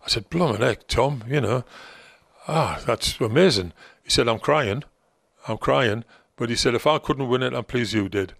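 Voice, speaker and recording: An older man with a gravelly, fry-laden voice reminisces in a rambling, anecdotal way. He acts out the lines of people from his stories as he goes. The sound is dry and close. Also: mid-range voice, normal speed, a bit bright, no room sound. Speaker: former football manager, guest. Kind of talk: anecdotal storytelling in conversation.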